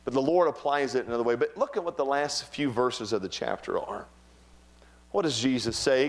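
A middle-aged pastor preaches with lively humor, swinging between quiet asides and bursts of energy. His voice sits at an ordinary male pitch, conversational and warm toward the congregation. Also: moderate pace. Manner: animated preaching with humor and acted quotes. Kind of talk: sermon.

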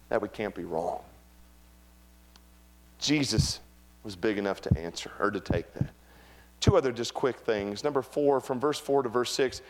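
A middle-aged man preaching a sermon, animated and humorous, with acted-out quotes. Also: mid-range voice. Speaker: pastor.

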